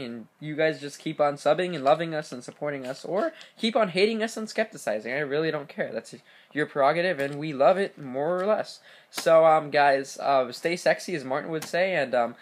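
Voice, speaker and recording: A man hosting a channel, casually reading a horror story aloud with frequent fillers and stammers. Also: a little high. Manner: stammering, many fillers, fast reader. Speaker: channel host.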